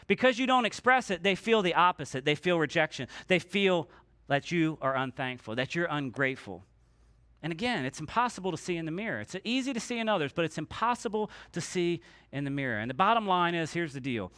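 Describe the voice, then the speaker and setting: A man's voice: fairly high pitch, pushed and bright, no echo, studio quality. A man preaching a sermon as pastor, in a conversational way, acting out quoted voices and having the congregation repeat lines after him. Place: church sanctuary.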